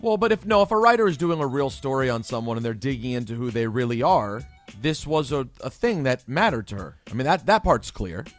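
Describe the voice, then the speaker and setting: Fast-talking man co-hosting radio. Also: mid-range voice, very animated, soft background music. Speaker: radio co-host. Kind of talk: morning radio show talk.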